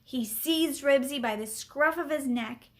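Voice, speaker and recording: Woman reader for a children's chapter book, high clear voice, unhurried and expressive. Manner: expressive, deliberate. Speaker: story reader. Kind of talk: children's book read-aloud.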